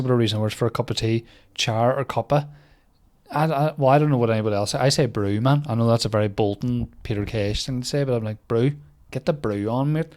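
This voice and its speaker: A young man hosts a comedy podcast, talking in a loose, rambling monologue. He swears freely and pokes fun at whatever he reads out. His voice sits in an ordinary middle pitch. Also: a little mellow.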